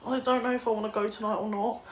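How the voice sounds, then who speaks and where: A woman's voice: fairly high pitch, level tone, quick pace. Chatty, swearing woman. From England. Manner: chatty, blunt, swears freely, reads out viewer comments. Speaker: livestreamer. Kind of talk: casual livestream chat.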